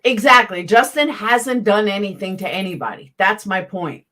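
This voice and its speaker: This Southern-accented YouTube host talks at normal speed in a mid-range voice that sounds pushed and bright. She's giving her live chat a casual, heated commentary rant full of blunt profanity.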